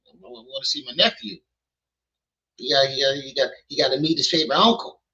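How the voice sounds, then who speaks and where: On a casual commentary stream, this male host jokes and swears with his chat in a mid-range, bright, forceful voice at a slightly quick pace. His streaming mic gives the audio a dull quality.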